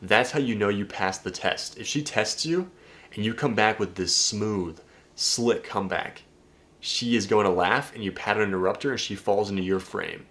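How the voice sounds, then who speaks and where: A man's voice: on the low side, moderate pace, a bit bright. A man coaching viewers on dating in a casual video breakdown, talking emphatically, swearing and addressing the audience directly.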